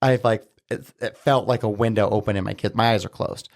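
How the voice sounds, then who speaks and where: A man's voice: fairly low pitch, fairly even intonation, a little fast, gravelly. A man talking as a podcast guest, telling a personal story casually and earnestly, with many filler words. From Southern Utah, USA.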